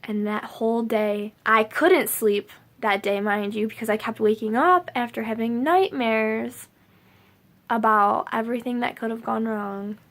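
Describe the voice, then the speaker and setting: Young woman, vlogger, fairly high voice, vocal fry, casual rambling talk to camera. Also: fairly even intonation, measured pace, fairly bright tone. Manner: rambling, with many "like" fillers.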